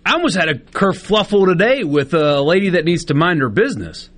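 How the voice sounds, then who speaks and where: A man in his thirties on a sports talk radio show, his voice a touch high and swinging widely as he tells an indignant story. He stammers and restarts, piling up outrage. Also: sing-song, fairly quick, a bit bright. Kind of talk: casual radio banter.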